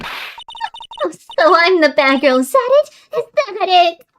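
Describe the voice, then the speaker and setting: Woman putting on a shrill spiteful young witness. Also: big pitch swings, moderate pace, a little hiss or hum. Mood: indignant.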